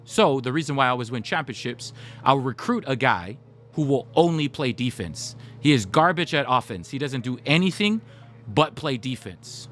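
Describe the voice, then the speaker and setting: A young male gaming livestreamer speaks in a mid-range, slightly bright voice. He keeps things chatty and casual, sharing stories and speaking directly to his chat.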